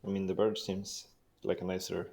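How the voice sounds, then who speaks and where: A man's voice: low voice, flat delivery, moderate pace, vocal fry, darkish tone. A man playing a tabletop role-playing game, who hedges and talks in a tentative way. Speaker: player. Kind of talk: casual tabletop play.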